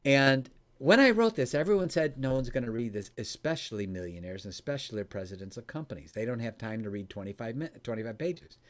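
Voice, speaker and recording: A man telling a story in conversation, animated and laughing often, his voice jumping high when excited. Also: fairly quick, few pauses. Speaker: coach and former radio host.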